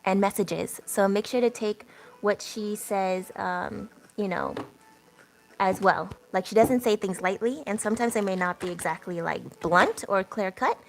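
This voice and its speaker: A young woman hosts a casual tarot livestream. Her voice has a gravelly, fry-laced edge at a mid pitch. She rambles warmly through the chat with plenty of filler words and little laughs. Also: measured pace, a little hiss or hum. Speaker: tarot reader.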